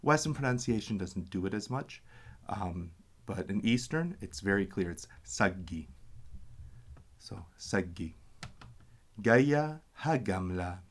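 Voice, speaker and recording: A man patiently teaching a reading lesson, sounding out syllables and pausing to explain and correct himself. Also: low voice. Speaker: language teacher.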